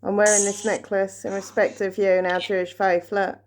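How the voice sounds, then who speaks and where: A woman vlogging a paranormal session at home, talking quietly and nervously as she calls out questions to spirits. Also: medium pitch, level tone, moderate pace, slight background noise. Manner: hushed, nervous, asking questions into the dark. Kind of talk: ghost-hunting session vlog.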